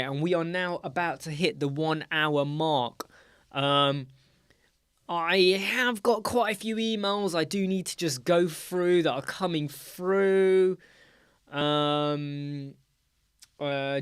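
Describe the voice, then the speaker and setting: A middle-aged British man hosts a relaxed live chat, chatty and teasing as he calls out viewers by name. His voice sits a little high for a man. The sound is close and dry, with no room around it. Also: clean tone, no room sound. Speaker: livestream host.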